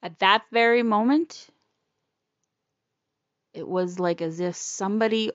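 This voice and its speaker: A woman telling a personal story in a blunt, profane and animated way. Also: medium pitch, unhurried, pauses often, no echo, muffled recording.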